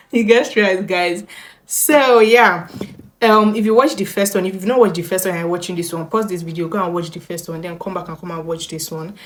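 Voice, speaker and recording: A woman's voice: on the low side, normal speed. A woman chats straight to her viewers with bouncy, restless energy, laughing between lines. She reads internet stories aloud and breaks off to comment on them. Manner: bubbly, chatty, laughs often, reads aloud. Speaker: YouTuber. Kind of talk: reaction storytime vlog.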